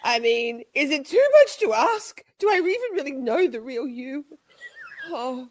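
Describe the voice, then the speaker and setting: A woman hosting a casual live stream, talking straight to her viewers in a playful, joking way and swearing freely. Her voice sits a little high and swings up and down with lots of expression. The sound is close and dry, with no room echo. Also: animated, measured pace. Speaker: livestream host.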